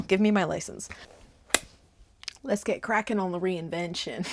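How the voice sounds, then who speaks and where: A woman's voice: lowish voice, normal speed, noisy background. A young American woman with a put-on Southern lilt, chatting playfully and sarcastically to camera at home in a vlog. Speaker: vlogger. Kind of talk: casual on-camera vlog chat. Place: at home, dyeing her hair. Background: music playing underneath.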